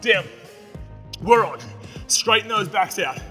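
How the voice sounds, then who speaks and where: A man's voice: high-pitched, expressive, slow, bright, forceful tone. Upbeat Australian man coaching a workout. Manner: upbeat, encouraging, calls out counts and cues. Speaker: fitness instructor. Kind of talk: coaching a follow-along workout. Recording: long reverb, music behind.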